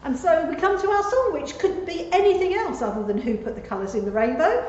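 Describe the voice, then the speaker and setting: Lively high-voiced woman in an echoey church. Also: fairly quick, slight background noise. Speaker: church co-leader. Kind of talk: casual church family-session chat. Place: large church building. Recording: echoey church with long reverb, dull sound.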